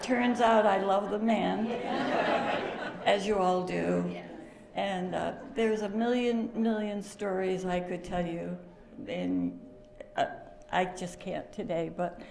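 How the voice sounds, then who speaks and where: An older woman giving an emotional memorial speech, halting, with fillers and laughter through tears. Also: mid-range voice, fairly even intonation, creaky, roomy sound, a crowd in the background. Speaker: family friend giving a eulogy.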